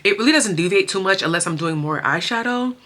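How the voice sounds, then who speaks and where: A woman's voice: medium pitch, animated, fast talker, sharp tone. A young woman chatting expressively through her makeup routine, full of slang and emotion, as a beauty vlogger. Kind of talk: casual chatty makeup tutorial.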